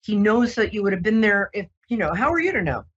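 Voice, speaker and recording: Husky lady psychic on the radio, soothing, lots of ums, dull muffled sound. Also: medium pitch, sing-song, fast. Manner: gentle, reassuring, rambling with many ums. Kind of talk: casual radio psychic reading.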